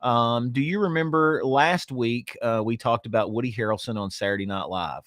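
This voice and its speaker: A middle-aged podcast co-host rambles through casual political chat, swearing and stammering through many restarts. His mid-range voice is a bit bright, at normal speed, captured clean in the studio with no echo.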